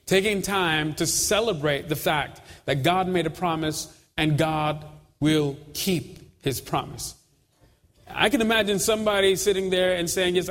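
A man preaching a sermon, his fairly high voice building through repeated phrases. He speaks steadily and emphatically. The sound rings with a long reverb, as if heard in a church sanctuary.

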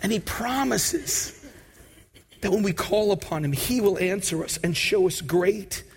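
A pastor preaching a sermon and leading an altar call prayer, pleading and repetitive, building to shouted prayer. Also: male voice, sits high, animated, unhurried, husky.

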